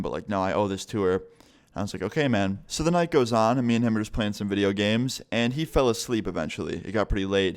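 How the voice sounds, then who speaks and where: A young man casually telling a story to camera, animated and swearing often, acting out what people said. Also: lowish voice, clean tone. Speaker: vlogger.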